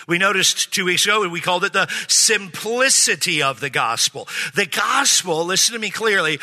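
A man's voice: high voice, sharp tone. A man preaching as a pastor, joking with his congregation and calling for amens. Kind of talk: sermon. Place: church sanctuary. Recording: hall reverb.

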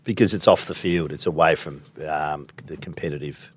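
A man's voice: a bass voice, moderate pace, husky, no room sound. An Australian man, a sports journalist co-hosting a podcast, talking in a laid-back casual chat.

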